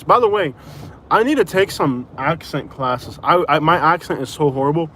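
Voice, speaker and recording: A man's voice: on the high side, lively intonation, normal speed, pushed and bright, slight background noise. A man from Florida chatting casually on a live stream while driving, rambling with lots of fillers. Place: in a car.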